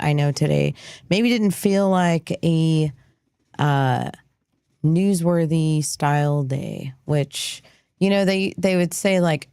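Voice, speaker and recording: Woman, show host, low voice, slow delivery, casual rambling commentary. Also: a little mellow, clear, resonant tone, dry recording, clean studio sound. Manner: rambling, chatty, many fillers. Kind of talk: casual live news commentary.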